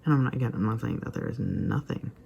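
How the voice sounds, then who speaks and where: A man's voice: mid-range voice, wildly swooping pitch, fast, gravelly, mellow, dull audio, slight background noise. A man giving casual, rambling commentary on a video he watched, with lots of fillers and asides that drop almost to a whisper. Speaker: vlogger reacting to a video.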